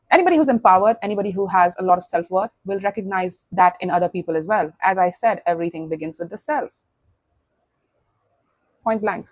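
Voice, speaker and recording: A woman tarot reader talks straight to her viewers in a blunt, sassy way, slipping into imagined voices. Her pitch sits in the middle, and the sound is close and dry with no room echo. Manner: sassy, blunt, acts out quoted inner voices. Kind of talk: casual tarot reading to camera.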